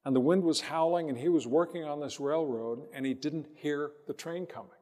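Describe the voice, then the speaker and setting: A pastor preaches a sermon, slowly and reflectively recounting a personal story with pauses before leading a prayer. His voice is a little high and a little mellow, and the sound carries the feel of a big room.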